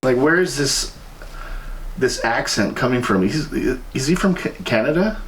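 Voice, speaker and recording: A man's voice: medium pitch, animated, measured pace, fairly bright tone, a little hiss or hum. A man co-hosting a casual podcast, joking around and swearing. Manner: joking, laughing, profane. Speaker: podcast co-host.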